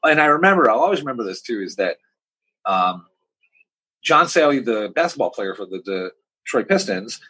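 A husky man tells restaurant stories in a loose, rambling chat. His pitch swings widely as he slips into quoted voices and back again. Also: big pitch swings, moderate pace, sharp tone, low-quality recording. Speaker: podcast co-host. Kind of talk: casual chat.

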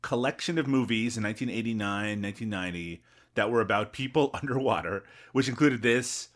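A man with a lowish voice co-hosts a podcast, chatting casually and briskly about movies. He swears freely and laughs between his remarks.

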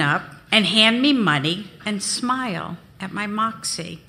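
A woman giving a live memoir reading on stage, expressive and unhurried. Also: lowish voice. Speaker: storyteller. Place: on stage at a venue.

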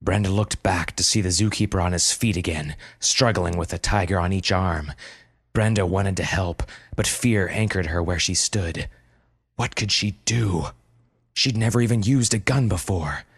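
A man reading a story aloud in a steady, dramatic narration. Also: sits low, normal speed, creaky, husky, no room sound, clean studio sound. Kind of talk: scripted narration. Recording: music playing under the voice.

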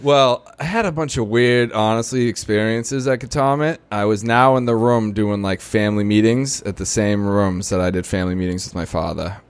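A man's voice: lowish voice, normal speed, few pauses, smooth, no echo. A young adult man, telling his recovery story in casual talk, full of "you know" and "right?". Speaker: podcast guest.

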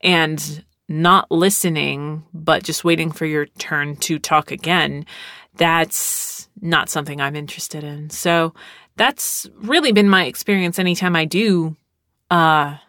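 A woman's voice: low voice, steady tone, unhurried, fairly bright tone, dry recording, studio quality. Rambling sarcastic woman podcast host. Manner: rambling, sarcastic, many fillers. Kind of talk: casual solo podcast talk.

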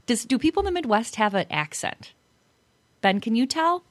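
A woman's voice: fairly high pitch, sing-song, moderate pace, no echo, clean studio sound. A woman from Chicago with a Chicago accent co-hosting a podcast, chatty and ready to argue a point. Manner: chatty, argumentative. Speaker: podcast co-host. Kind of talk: casual interview and chat.

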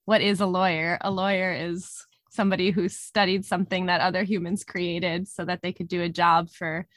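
A woman co-hosting a podcast, speaking thoughtfully in a relaxed conversation and laughing easily. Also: on the low side, moderate pace, no room sound, studio quality. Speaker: podcast co-host. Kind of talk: casual reflective conversation.

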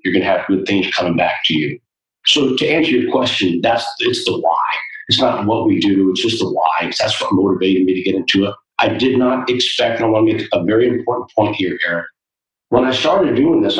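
A man, a youth basketball coach, speaking as a guest in an interview. He tells stories in an earnest, preacherly way with a low voice. The sound is roomy and echoing, a little distant from the mic. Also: a bit bright. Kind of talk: interview storytelling.

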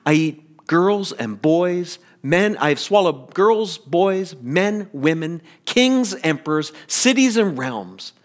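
A pastor voicing a still, solemn male lion in a sermon story, speaking slowly and gravely. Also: a little high, animated.

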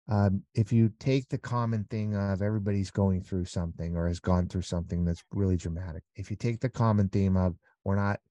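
A man's voice: sits low, dark tone, dry recording. A middle-aged man speaking candidly as an interview guest, earnest and rambling, sometimes acting out everyday exchanges. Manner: earnest, rambling, acts out little scenes. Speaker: podcast guest. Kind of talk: candid conversational storytelling.

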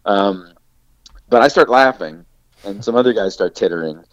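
Speaking at a moderate pace in a voice on the low side, a male actor spins a long anecdote as a podcast guest. He's animated and casual, dropping "like" constantly. There's no room sound, and the audio is dull, dry and lo-fi.

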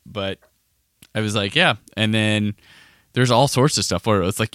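A man's voice: measured pace, no echo, clean studio sound. A man hosting a casual podcast, talking in a rambling way with many restarts. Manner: rambling, restarts, lively pitch. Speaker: podcast host.

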